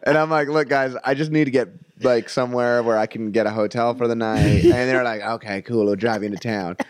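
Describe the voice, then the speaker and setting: A man's voice: mid-range voice, fairly even intonation, brisk, no echo. A man telling a long story in casual chat, rambling and laughing as he acts out other people's lines.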